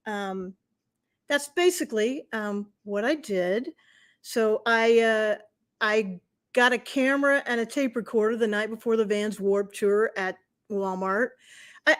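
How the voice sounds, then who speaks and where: A middle-aged woman hosting a live stream, telling a personal story in a chatty, animated way and acting out what people said. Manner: chatty, animated, acts out quotes in high wailing voices. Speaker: host.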